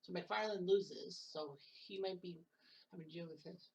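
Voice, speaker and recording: A woman with a lowish, darkish voice speaks at a moderate pace, sounding far from the mic on a muffled recording. She's commentating solo and casually on a simulated golf match-play event, tossing in joking asides, correcting names she's mixed up, and swearing now and then.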